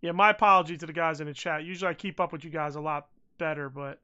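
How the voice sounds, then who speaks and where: A man co-hosting a casual podcast, rambling and excitable, swearing freely and saying bro a lot. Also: fairly high pitch, quick pace, clear, resonant tone, lo-fi sound. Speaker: podcast co-host. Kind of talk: casual chat.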